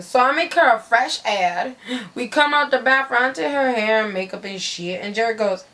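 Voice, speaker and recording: A woman's voice: fairly high pitch, moderate pace. A woman giving a dramatic, slangy and profane reading of a wild story. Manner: animated, slangy, swearing narration.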